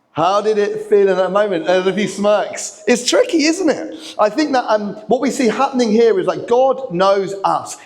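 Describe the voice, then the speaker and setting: A man, preaching a lively, chatty sermon that draws in the kids in a church hall. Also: sits high. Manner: lively, chatty, talks to the kids, acts out lines. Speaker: pastor.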